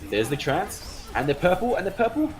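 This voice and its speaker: A man casting a live esports match, chatty and excitable, breaking out in sudden cheers. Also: sits high, moderate pace, a crowd in the background. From Australia. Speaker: esports caster. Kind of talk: live esports play-by-play commentary.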